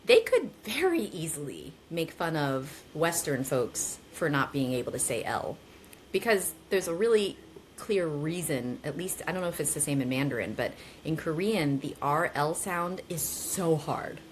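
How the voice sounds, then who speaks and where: A woman from the United States, a podcast guest, talking in a casual, reflective way with animated emphasis. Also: sits low, normal speed, a little hiss or hum.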